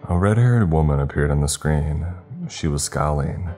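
A man's voice: extremely low pitch, moderate pace, mellow, soft background music. A man reading a horror story aloud as narrator, voicing each character himself. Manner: voices every character in dialogue.

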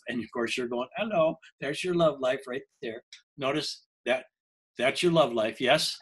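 A man's voice: mid-range voice, moderate pace, fairly bright tone, husky, low-quality recording. An older man, a language coach, telling a personal story in an interview, earnest and often breaking off and restarting his sentences.

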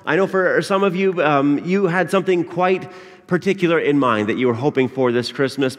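Man preaching in a reverberant church. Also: fairly high pitch. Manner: conversational, with frequent uh and um. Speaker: pastor. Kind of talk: sermon. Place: church sanctuary.

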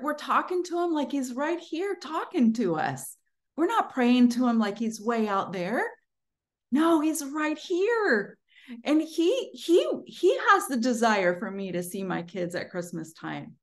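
A middle-aged woman giving a casual Christian teaching, telling stories in a lively, conversational way and laughing often. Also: mid-range voice. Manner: animated storytelling, frequent laughter; conversational, with fillers like "you know" and "like".

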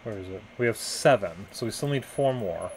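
A man's voice: lowish voice, expressive, moderate pace, slight background noise, low-quality recording. A young adult man streaming a game, muttering and thinking aloud as he plays. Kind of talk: casual gameplay chat.

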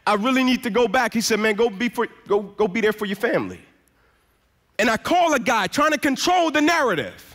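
A man's voice: very high voice, very animated, a little fast, fairly bright tone. A man in his thirties giving an emphatic motivational sermon as a guest speaker in a church, telling a personal story and acting out the dialogue.

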